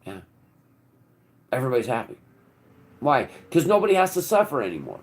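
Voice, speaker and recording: A man delivering a rambling, preachy monologue in casual, sometimes profane speech, with sudden loud outbursts that drop back to low murmurs. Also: wildly swooping pitch, a little fast. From United States. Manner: casual, swears. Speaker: channel host. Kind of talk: impassioned monologue.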